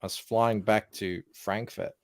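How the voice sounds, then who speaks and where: A man with an Australian accent and a somewhat low voice, recorded dry and close. He tells anecdotes in a relaxed, casual chat. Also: a little slow, vocal fry, dry recording. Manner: storytelling, animated anecdotes.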